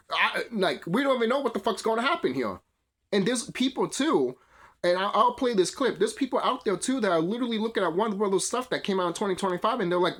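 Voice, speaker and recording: A man's voice: sits high, a bit bright. A young man hosting his channel, delivering a heated, profane, rambling rant. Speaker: video channel host. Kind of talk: ranting commentary.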